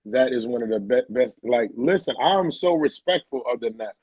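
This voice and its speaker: A man's voice: medium pitch, moderate pace, slightly rough, no echo, low-quality recording. A man co-hosting a podcast, telling stories in loose, slangy casual chat. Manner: animated storytelling, loose slangy talk. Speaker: podcast co-host.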